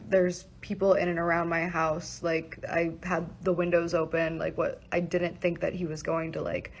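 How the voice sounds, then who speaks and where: A young woman recounting an upsetting personal event in a casual storytime vlog, talking fast with lots of "like" and swearing, emotional and shaken. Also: fairly low pitch, flat delivery, slight background noise, poor audio. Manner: fast, breathless, heavy use of "like" and swearing.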